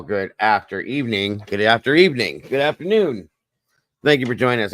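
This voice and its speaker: Deep-voiced man chatting on a livestream. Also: fairly bright tone, no echo. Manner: chatty, talks to viewers by name, wired on coffee. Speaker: livestream host. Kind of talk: casual livestream chat reading comments.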